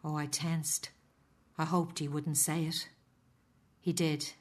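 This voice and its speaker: A woman's voice: deep voice, flat delivery, slow, a little mellow. A middle-aged woman with an Irish accent narrating in first person as a resigned, weary foster mother. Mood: rueful.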